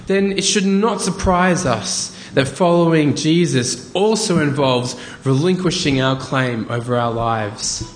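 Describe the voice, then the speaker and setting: A male pastor giving a conversational, animated sermon with asides. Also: on the high side, measured pace, few pauses. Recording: echoey hall, faint ambience.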